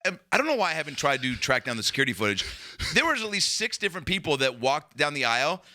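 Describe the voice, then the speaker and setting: A man on a podcast telling a long story as a comedian guest, animated and profane, rambling with restarts. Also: on the high side, fast talker.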